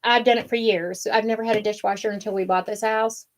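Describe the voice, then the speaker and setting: A woman's voice: medium pitch, fairly even intonation, fast, a little hiss or hum. Chatty, rambling woman telling a story. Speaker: wreath-making show co-host. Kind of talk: casual chat.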